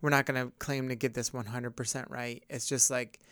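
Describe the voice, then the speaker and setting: A man's voice: medium pitch, little pitch movement, a little fast, a bit bright, smooth, no echo, studio quality. A man hosting a casual podcast discussion as a pastor, talking earnestly in a rambling way with many fillers and restarts.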